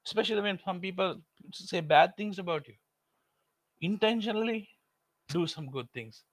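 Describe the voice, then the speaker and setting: Male preacher, earnest and repeating key lines, highish voice, dry close sound. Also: normal speed, dry recording. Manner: earnest, repetitive exhortation with storytelling. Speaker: pastor. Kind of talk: sermon.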